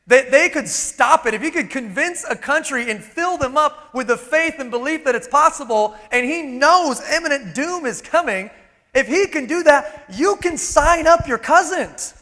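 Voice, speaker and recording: A man with a very high, bright, forceful voice drives a live motivational keynote and pushes the crowd with rhetorical questions. His words ring out with a long reverb from the big event hall. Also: normal speed. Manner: energetic, emphatic, with rhetorical questions. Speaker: motivational speaker. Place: large event hall on stage.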